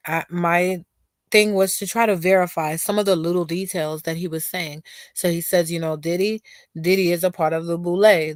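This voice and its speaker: A woman hosting a casual livestream talks straight to her chat in a chatty way, even as she's losing her voice. Her voice is lowish, and the recording is dry.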